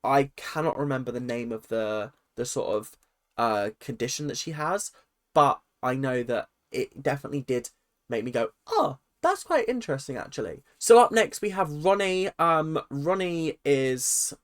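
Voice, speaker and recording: A man, chatting through a casual, opinionated rant vlog full of lively asides. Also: mid-range voice, moderate pace. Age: 20s. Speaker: vlogger.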